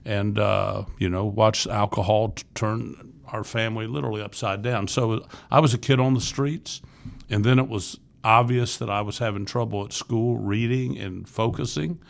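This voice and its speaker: Gravelly-voiced man in his sixties, earnest. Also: on the low side, steady tone, moderate pace. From Florida, USA. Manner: earnest, candid, rambling with restarts. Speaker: podcast guest, youth ministry leader. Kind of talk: casual interview storytelling.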